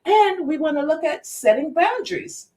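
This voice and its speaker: A woman from Jamaica hosting a casual podcast chat, talkative and quick to laugh. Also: high voice, expressive, mellow, recorded from a distance. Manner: chatty, laughs often. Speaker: podcast host.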